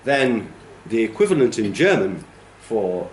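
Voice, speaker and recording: In a classroom lecture, a male teacher trainer explains things patiently, asks "okay?" to make sure everyone follows, and counts and hums rhythms aloud. He speaks animatedly at a normal speed in a fairly low voice, and the room is echoey with slight background noise.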